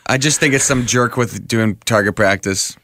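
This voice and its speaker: A man's voice: medium pitch, moderate pace, sharp tone, dry recording, clean studio sound. A man co-hosting a radio show, wisecracking and laughing often. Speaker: radio co-host. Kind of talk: morning radio banter.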